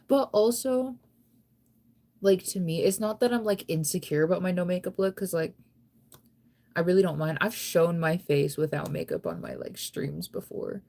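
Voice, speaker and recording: At a normal speed and in a voice on the low side, a young woman rambles through a late-night livestream. She yawns and sounds sleepy, her easygoing chatter peppered with "like."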